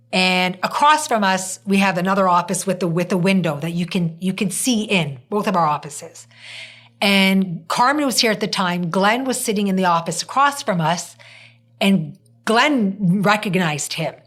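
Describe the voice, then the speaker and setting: A woman hosting a podcast, chatting casually and telling an animated story in which she acts out what people said. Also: mid-range voice. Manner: animated storytelling, acting out quoted speech. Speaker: podcast host.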